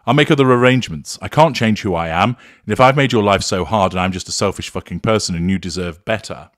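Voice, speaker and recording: A man reading out the words of an upset woman in a quarrel, in his own low voice with little acting. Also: fast talker, no echo, studio quality, close to an everyday voice. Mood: reading quotes. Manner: read flatly, barely acted. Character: upset adult woman, the victim.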